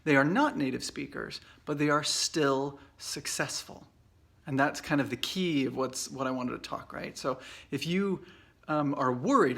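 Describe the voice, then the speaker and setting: A man in his forties with an American accent, giving an informal English lesson in a relaxed, chatty way full of fillers and restarts. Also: medium pitch, unhurried, gravelly, breathy edge. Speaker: English teacher. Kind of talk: casual video lesson. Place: away from home at a conference trip. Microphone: Facebook Live video.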